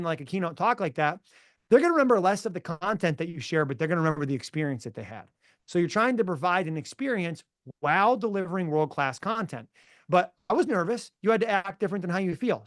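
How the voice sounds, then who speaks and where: A man who works as a mental performance coach, telling stories in a podcast interview in an energetic, emphatic, motivational way. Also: high voice, no room sound, studio quality.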